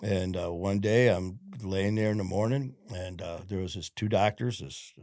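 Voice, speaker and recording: A man's voice: low-pitched, moderate pace, darkish tone, no echo, clean studio sound. A man, a former cop and podcast guest, telling his story in a frank, rambling, profane way full of fillers. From Detroit, USA. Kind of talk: casual storytelling interview.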